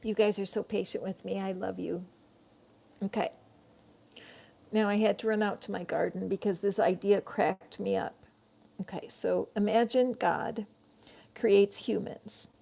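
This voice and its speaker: A woman's voice: mid-range voice, fairly even intonation, measured pace, gravelly, pauses often, warm tone. A middle-aged woman giving a live tarot reading, chatty and rambling, talking straight to her viewers. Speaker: tarot reader.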